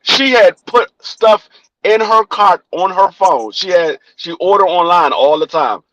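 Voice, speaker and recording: A young man with a high, light voice and a D.C. accent, telling a long story on a podcast. He acts out the quoted lines of each person, with plenty of swearing. The recording is close and dry, with no room sound. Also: a little slow, no echo, highs cut off. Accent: Washington, D.C. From Washington, D.C. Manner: animated storyteller acting out quoted dialogue, profane. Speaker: podcast co-host. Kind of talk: casual chat, storytelling.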